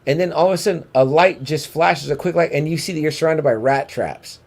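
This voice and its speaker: A man's voice: on the high side, brisk, creaky, a little mellow. A man co-hosting a comic book podcast, enthusiastic and profane, often checking in with his partner. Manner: enthusiastic, keeps checking in with "right?". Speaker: podcast co-host. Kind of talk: casual comic book discussion.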